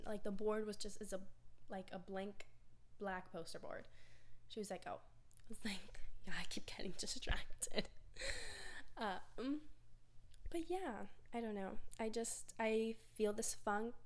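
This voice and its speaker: A woman's voice: medium pitch, steady tone, unhurried, darkish tone. A young woman hosting a personal podcast, talking candidly in a rambling, filler-heavy way about her feelings. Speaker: podcast host. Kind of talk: casual personal monologue.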